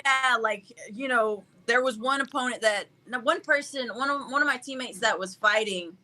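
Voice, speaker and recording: A young woman with a bright, forward voice talks casually as an interview guest. She sounds upbeat and goofy, laughing easily as she goes. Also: a little high, moderate pace. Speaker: guest fighter.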